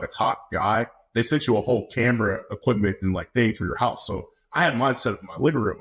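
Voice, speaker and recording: Laid-back young man telling a story. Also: fairly low pitch. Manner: laid-back, laughs often, acts out quotes. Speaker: podcast guest, football player. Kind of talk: casual storytelling.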